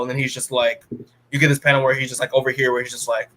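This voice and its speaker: This comic-book podcast co-host talks fast in a sharp, medium-pitched voice with little pitch movement. His recap of the story is rambling and casual, full of "like" and restarts, and he voices the characters' lines himself.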